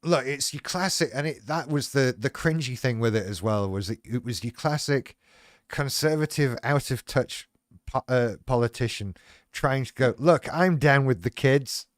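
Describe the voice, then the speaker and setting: A man talks frankly and wryly, swearing freely as he chats on a livestream. His voice sits at an ordinary middle pitch. The recording is dry and close, with no room sound. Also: moderate pace, no echo. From United Kingdom. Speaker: livestream host. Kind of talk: casual chat.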